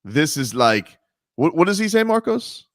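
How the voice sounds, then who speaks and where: A man's voice: on the high side, very animated, unhurried, dry recording, clean studio sound. A man hosting a sports radio show, chatting loosely and joking with lots of fillers. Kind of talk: casual sports radio chat.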